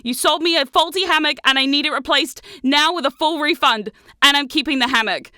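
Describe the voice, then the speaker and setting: Woman as a spoiled young bard, high and haughty, big demands. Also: animated, moderate pace, sharp tone, dry recording, studio quality. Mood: indignant. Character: spoiled young female bard, entitled and loud. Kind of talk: tabletop role-play voicing.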